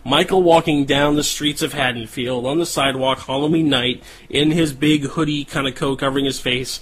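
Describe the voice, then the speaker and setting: A man's voice: mid-range voice, fairly even intonation, moderate pace, a bit bright, slight background noise, low-quality recording. A man casually recapping a horror movie's plot as a podcast co-host, swearing freely.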